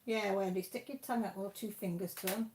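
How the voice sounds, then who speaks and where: A woman's voice: mid-range voice, fairly even intonation, a little fast, a little mellow. Chatty Welsh woman reading out live chat. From Wales. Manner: chatty and homely, with mild swearing and British slang. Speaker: live stream host. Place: at home.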